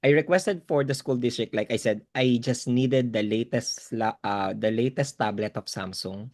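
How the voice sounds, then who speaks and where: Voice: medium pitch, moderate pace, a little mellow, no room sound, clean studio sound. A computer teacher from the Philippines, telling a story hesitantly but with animation on a video call. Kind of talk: casual video-call chat.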